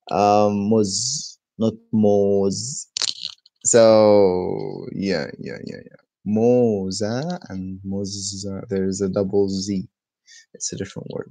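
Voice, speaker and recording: A man with an Egyptian accent teaching his language in a relaxed, chatty live lesson, tired and reading viewer comments aloud. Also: fairly low pitch, no room sound. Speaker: Arabic teacher. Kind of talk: casual live-stream lesson.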